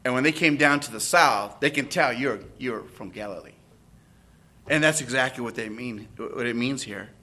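A man's voice: medium pitch, moderate pace, pushed and bright. A man preaching an expository sermon, often checking in with listeners through tag questions.

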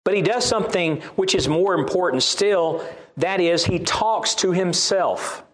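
A man's voice: sits high, unhurried. A man with a Southern US accent preaching a sermon, reading scripture aloud and repeating key lines for emphasis.

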